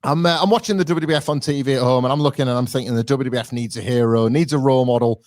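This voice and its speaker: A man co-hosting a casual podcast, animated, acting out quotes in a rising voice. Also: mid-range voice, rapid-fire, no room sound, clean studio sound. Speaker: podcast co-host.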